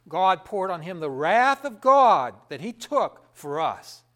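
Fervent preacher man, high and lively. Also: slow pace. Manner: fervent, rising to loud emphatic peaks then dropping low; asks the crowd questions and answers himself. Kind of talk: sermon.

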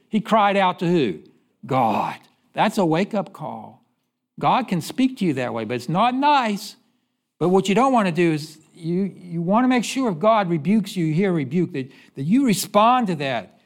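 Man preaching, high voice, very lively swings, call-and-response questions, sermon style. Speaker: pastor.

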